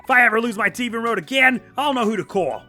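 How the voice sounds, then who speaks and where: A man's voice: extremely high pitch, expressive, fast, pushed and bright, soft background music, voice pushed up, full character voice. A man voicing a friendly, forgetful middle-aged dad in a video game, using a put-on American accent and a chummy, upbeat delivery. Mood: cheery.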